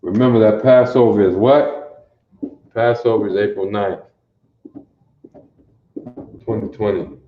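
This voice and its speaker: A man's voice: on the low side, unhurried, pauses often, echoey room, highs cut off, a little hiss or hum. A man from teaching a livestreamed Bible class, quizzing his listeners and repeating phrases over and over to drill them. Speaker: religious teacher.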